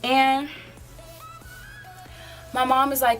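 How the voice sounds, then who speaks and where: An eighteen-year-old woman recounts a story in a loose, chatty vlog style, her voice sitting at an ordinary middle pitch. She rambles and leans on filler words, with faint music playing underneath. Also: moderate pace, a bit bright. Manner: rambling, filler-heavy, often says "like". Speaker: vlogger. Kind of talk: casual storytime.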